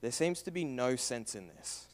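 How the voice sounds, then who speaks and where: A young man preaching a sermon, earnest and questioning, moving from raised emphasis to hushed, quiet passages. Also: medium pitch, sing-song, normal speed.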